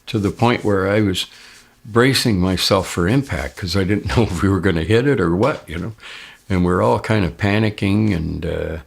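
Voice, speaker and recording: A man's voice: sits low, vocal fry, breathy edge. An older man casually telling a first-person story, jumping his voice up when he quotes others. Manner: raises his voice sharply when quoting others. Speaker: interviewee recounting an experience.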